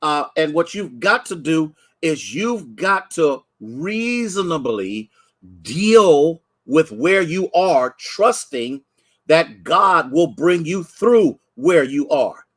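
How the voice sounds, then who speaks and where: A pastor teaches in a livestreamed sermon with a fairly high, sing-song voice and a slow pace. Preachy and call-and-response in style, he repeats phrases for emphasis and greets online viewers by name.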